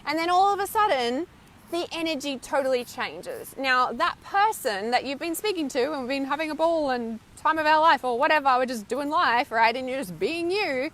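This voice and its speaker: A woman's voice: high voice, animated, moderate pace, fairly bright tone. A woman mentor talking casually and with animation to her viewers, often asking "right?" and laughing between thoughts. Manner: emphatic, swears casually. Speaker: intuitive healer and mentor. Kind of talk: live stream talk to viewers. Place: outdoors, windy beach.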